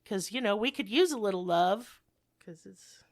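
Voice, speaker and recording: A woman's voice: medium pitch, expressive, normal speed, dry recording, clean studio sound. A woman co-hosting a podcast, chatting casually and joking through the show announcements, rambling with frequent restarts. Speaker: podcast co-host.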